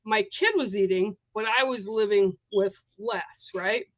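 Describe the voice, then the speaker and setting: A woman's voice: medium pitch, a little slow, lo-fi sound. A woman hosting a spiritual live stream, telling a personal story in a casual, rambling way with lots of fillers. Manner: chatty, rambling, many fillers.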